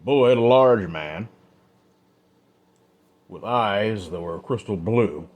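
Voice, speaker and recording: A man narrating a Western story in a relaxed, off-the-cuff way with small fillers. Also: lowish voice, takes it slowly. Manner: casual, unscripted with fillers.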